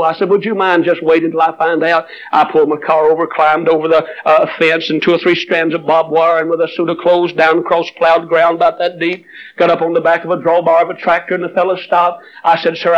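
Older man preaching a fervent revival sermon. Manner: storytelling, rising into fervent high-pitched preaching. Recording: muffled old sermon recording.

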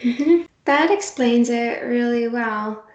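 A woman's voice: a little high, slow, darkish tone. A woman hosting an interview podcast, attentive and affirming as she responds. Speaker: podcast host. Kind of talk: casual interview chat. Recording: dull, roomy remote recording.

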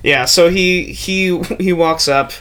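A man narrating as game master in a casual tabletop game, full of fillers and quick asides. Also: sits high, fairly bright tone, slight background noise. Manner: loose, filler-heavy narration with quick character voices.

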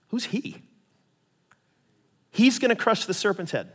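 A male pastor preaching a lively, conversational sermon with casual asides. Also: sits high, slow pace, long pauses, breathy edge, big-room sound. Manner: animated, conversational preaching with asides and paraphrased voices.

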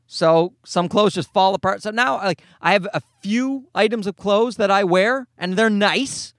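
A man's voice: sits high, measured pace, a bit bright, no room sound, studio quality. A middle-aged man hosting a solo podcast from a parked car, rambling and swearing with self-mocking humor. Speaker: podcast host.

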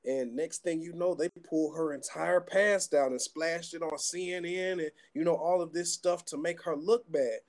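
A man's voice: a little high, steady tone, normal speed, few pauses. A man giving earnest, preachy commentary in a casual faith conversation.

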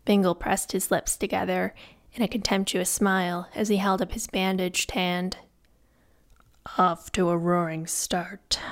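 A woman narrating a fantasy novel in a measured, even reading. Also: medium pitch. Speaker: audiobook narrator. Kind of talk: scripted narration.

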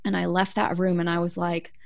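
A woman's voice: on the low side, little pitch movement, fairly quick, gravelly, no room sound, studio quality. A middle-aged woman coach telling her own story as a podcast guest, candid and emphatic, acting out the things she once said. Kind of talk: personal storytelling in an interview.

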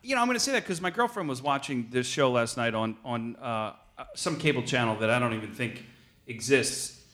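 Guest voice: a man from Philadelphia with a mid-pitched voice, sardonic, restarts his sentences, recorded in a roomy space. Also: lively intonation, brisk, a bit bright. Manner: wry, repeats words when starting. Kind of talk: casual chat. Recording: roomy, echoey room sound.

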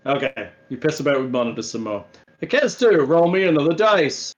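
A man's voice: on the high side, big pitch swings, brisk. A man running a tabletop game as game master, narrating in a laid-back, joking way. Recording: dull lo-fi audio.

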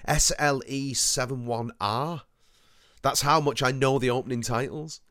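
A man's voice: mid-range voice, steady tone, measured pace, fairly bright tone, dry recording, clean studio sound. A man co-hosting a casual chat, nostalgic and jokey, swearing now and then. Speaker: podcast co-host.

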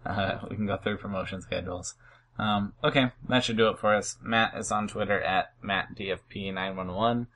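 A man's voice: on the low side, fairly even intonation, normal speed, fairly bright tone, slight background noise. A man co-hosting a casual fantasy baseball podcast, dry and teasing, with a mild Oregon accent. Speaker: podcast co-host.

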